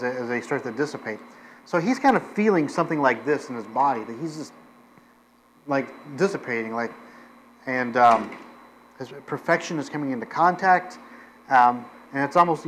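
A man's voice: mid-range voice, slight background noise, poor audio. A man preaching a sermon as pastor, in a conversational way with frequent fillers, restarts and self-deprecating asides.

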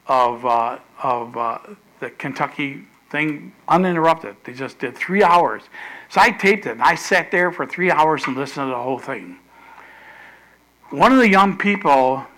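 A middle-aged pastor preaches in a bright, fairly high man's voice, taking his time over every phrase. He repeats himself for emphasis and bursts into loud, animated quotes. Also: poor audio. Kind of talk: sermon.

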